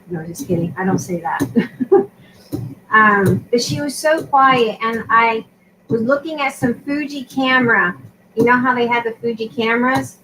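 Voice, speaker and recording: A woman's voice: a little high, normal speed, noisy background. A woman chatting casually and telling a self-mocking story about being a new mother. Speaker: co-host of a crafting live show. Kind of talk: casual chat.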